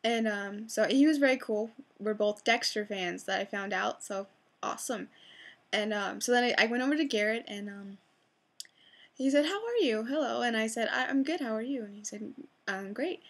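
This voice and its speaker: A young woman telling a fan story in a chatty, excitable way, full of fillers and restarts. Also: a little high, normal speed. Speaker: vlogger.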